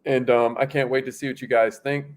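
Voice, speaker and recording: A man's voice: medium pitch, level tone, a little fast. A man hosting a livestream in an upbeat, slangy, casual way, reading out viewer comments and laughing often. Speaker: livestream host.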